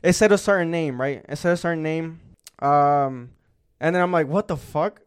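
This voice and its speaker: A man's voice: fairly high pitch, moderate pace, clear, resonant tone. A young man co-hosting a podcast, telling a long story in casual chat, rambling and swearing with lots of filler words. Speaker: podcast co-host.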